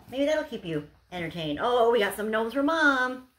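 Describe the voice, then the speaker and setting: Opening gifts on camera, a young woman vlogger gushes in a bubbly, casual way, dropping "like" constantly. Her voice is fairly high, expressive, and a bit bright, moving at a moderate pace with slight background noise.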